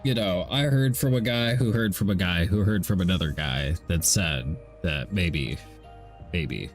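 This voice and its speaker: A young man chatting loudly and excitably on a game stream, swearing freely and ranting. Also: sits low, moderate pace, soft background music. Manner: loud, excitable, profane ranting. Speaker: gaming streamer. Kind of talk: casual stream chat.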